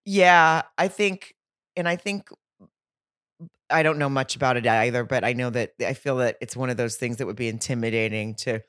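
A woman's voice: extremely low pitch, normal speed, a bit bright, no echo, clean studio sound. A woman co-hosting a casual chat podcast, gushing and doing playful impressions. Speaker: podcast co-host.

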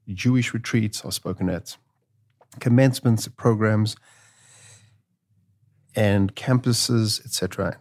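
A man's voice: fairly low pitch, gravelly, a little mellow. A male podcast host speaking earnestly and personally about why he started his show. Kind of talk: interview conversation.

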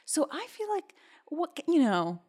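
A woman's voice: high-pitched, big pitch swings, a little slow, darkish tone. A woman hosting a podcast, giving candid, chatty commentary while she reads messages aloud. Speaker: podcast host.

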